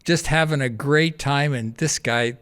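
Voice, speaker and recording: A man with an ordinary, middle-pitched voice tells a story in a relaxed interview. He talks in a lively way, acting out each person's lines and breaking into laughter as he goes. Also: measured pace, smooth. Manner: animated anecdote-telling, acting out quoted voices, laughs often. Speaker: podcast guest, charity founder.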